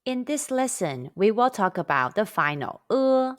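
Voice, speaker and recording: A woman narrating a language lesson, drilling sounds slowly and carefully for learners to repeat. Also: medium pitch, very animated, soft background music. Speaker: language teacher.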